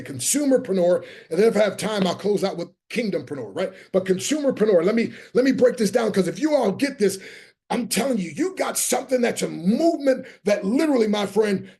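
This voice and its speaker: A man's voice: sits high, darkish tone. A man giving a motivational business talk as a guest speaker. He speaks like a preacher, drives his points home with emphasis, and spells out key words letter by letter. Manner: preacher-like, emphatic, rallies listeners. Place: online training session.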